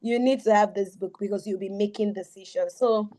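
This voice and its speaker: Effusive woman coach with a mellow voice. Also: medium pitch, steady tone, brisk. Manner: effusive, repeats phrases for emphasis. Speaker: teens coach giving a book review. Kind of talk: enthusiastic spoken book review.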